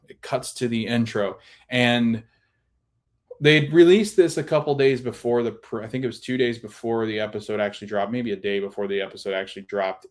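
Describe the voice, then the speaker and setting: A podcast host, a man, recaps a TV episode in a casual, animated way. He backtracks and restarts often, and his voice sits a little low. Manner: animated storytelling with many restarts.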